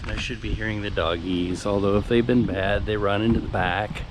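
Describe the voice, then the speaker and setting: A man's voice: lowish voice, fairly even intonation, normal speed. A man vlogging as he walks outdoors, talking into a small handheld mic in a rambling, offhand running commentary. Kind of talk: casual walking vlog. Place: outdoors, walking around town and by a flooded river. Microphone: small handheld external mic. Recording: noisy outdoor phone-style recording.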